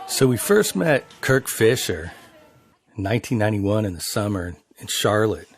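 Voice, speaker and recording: A man's voice: fairly low pitch, sing-song, normal speed, faint music behind. A man from a band telling a profane road anecdote in a documentary interview. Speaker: band member.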